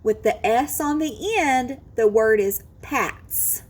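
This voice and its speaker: A woman teaching a phonics lesson to children, slowly modelling each word sound and encouraging the listener. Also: a little high.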